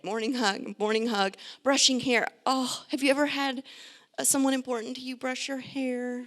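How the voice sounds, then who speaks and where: A middle-aged woman, a pediatrician, giving a lively, joking and direct talk to parents. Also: high voice, normal speed. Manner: chatty, direct, joking asides.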